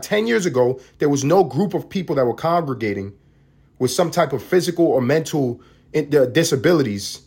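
A man's voice: fairly high pitch, darkish tone, husky. A man hosting a solo podcast, ranting in a profane, heated and sarcastic way. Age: adult parent. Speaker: podcast host.

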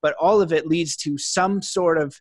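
A man's voice: fairly high pitch, normal speed, no echo, clean studio sound. A man hosting a podcast interview, talking in a rambling, enthusiastic way with many fillers and restarts. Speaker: podcast host. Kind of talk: casual interview chat.

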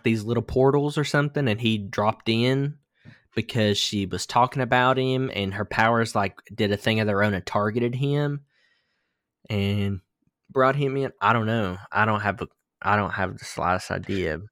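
A man's voice: fairly low pitch, normal speed, a bit bright, no echo, clean studio sound. A young man co-hosting a podcast, talking in a loose, rambling way and swearing casually. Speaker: podcast co-host. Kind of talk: casual chat.

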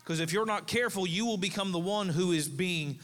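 Pastor guy in his 30s preaching, kinda high voice, big church echo, chatty storytelling. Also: brisk, a bit bright. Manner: storytelling, conversational preaching with asides to the congregation. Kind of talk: sermon. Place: church sanctuary.

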